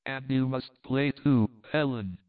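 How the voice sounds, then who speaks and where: A man voicing an excitable young man who talks in a childishly eager, exclamatory way. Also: mid-range voice, measured pace, lightly acted. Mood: coaxing. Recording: tinny phone-like sound.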